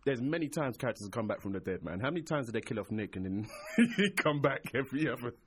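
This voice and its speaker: A man, co-hosting a casual chat show, playful and quick to laugh. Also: mid-range voice, big pitch swings, a little hiss or hum. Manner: playful, laughs a lot, acts out quotes. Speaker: podcast co-host.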